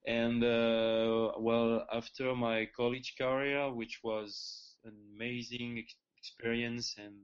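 Hesitant French-accented man, flat voice. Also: medium pitch, slow pace, hardly any pauses, highs cut off. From France. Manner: hesitant, many restarts and fillers. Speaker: guest, former tennis pro.

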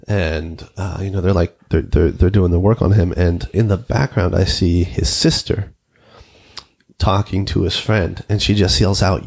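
A man's voice: low-pitched, steady tone, unhurried, vocal fry, a little mellow, breathy edge. A man hosting a casual conversation, telling a rambling, anecdotal story. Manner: rambling, anecdotal, many fillers.

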